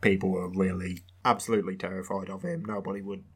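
A low-pitched man recounting history on a podcast. He rambles a little and drops in dry, wry asides. His delivery is loose, casual storytelling. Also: fairly even intonation, quick pace, breathy edge. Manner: rambling, wry, with frequent fillers.

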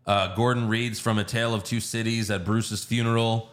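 Excitable man recapping a movie. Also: lowish voice. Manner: animated, profane storytelling with quick voice impressions. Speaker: podcast host recapping a film. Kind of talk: casual chat.

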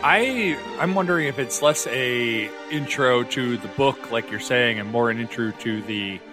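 A man's voice: medium pitch, a little slow, over music. A man co-hosting a podcast, talking through ideas in a thoughtful, hesitant way. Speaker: podcast co-host. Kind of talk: casual book discussion.

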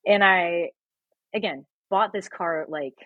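Guest woman, thirties, husky and dry, animated and laughing as she tells stories. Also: fairly low pitch, slow pace, no room sound, narrow, tinny audio. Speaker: guest, singer and actress. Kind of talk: storytelling in a casual interview.

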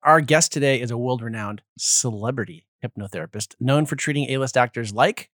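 A man's voice: a little fast, fairly bright tone, no room sound, studio quality. A man co-hosting a casual podcast with his wife, joking around and sometimes slipping into a radio announcer voice. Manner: playful, jokey, slips into a booming radio announcer voice. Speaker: podcast co-host. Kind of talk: casual chat.

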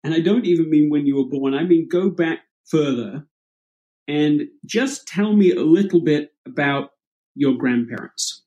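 A man hosting a conversation, speaking slowly and gently as he draws out his guest's story. His voice sits a little higher than most men's, calm and encouraging. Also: dull audio. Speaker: interviewer. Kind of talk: interview questions.

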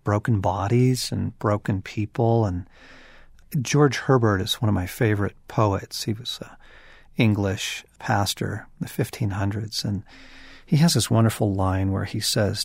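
A man's voice: lowish voice, steady tone, normal speed, breathy edge, no room sound, clean studio sound. A man co-hosting a podcast conversation, talking about faith and suffering in an earnest, emphatic, preacherly way. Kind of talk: conversational Christian teaching.

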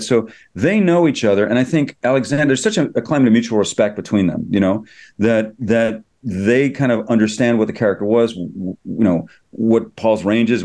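A middle-aged man, a screenwriter, telling stories in an interview with quick enthusiasm and many restarts. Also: fairly low pitch, a little mellow. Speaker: screenwriter and producer. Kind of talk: interview, anecdotal storytelling.

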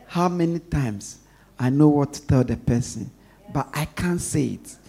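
A man preaching a sermon in a call-and-response style, swinging between loud stresses and soft asides and leaving questions for the congregation to finish. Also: on the high side, a little slow.

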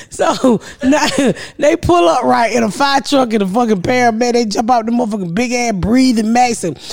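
A middle-aged woman hosting a comedy podcast, telling a story loudly and profanely, laughing often and acting out every voice in it. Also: fairly high pitch, normal speed, creaky, hardly any pauses. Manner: loud, profane, laughs often, acts out every voice in her stories.

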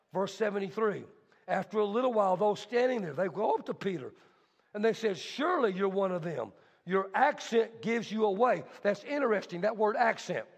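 A male pastor delivers an emphatic sermon in a notably high voice with a gravelly fry. He drops to soft asides and then rises again. His words ring out with a long hall reverb. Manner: emphatic, shifts between soft and shouted delivery, asks congregation.

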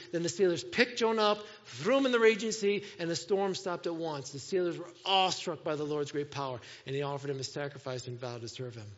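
A high-pitched male pastor preaches emphatically, firing rhetorical questions and swinging from a hush to sudden loud bursts. His voice rings with a long reverb through a church hall, and the recording sounds dull and lo-fi. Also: brisk. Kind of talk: sermon.

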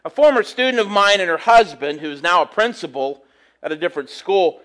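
A man's voice: high voice, animated, fairly quick, fairly bright tone. A man preaching a conversational sermon, reading scripture and then explaining it earnestly in plain talk, often restarting and repeating words as he thinks aloud.

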